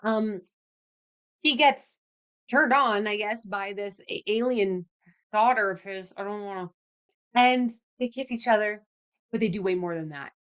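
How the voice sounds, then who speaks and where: Young woman podcaster ranting away, fed up and animated, casual solo chat, mimics people mockingly. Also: mid-range voice, measured pace, pauses often, clear, resonant tone. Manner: animated, exasperated ranting with mocking put-on quotes. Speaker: podcast host.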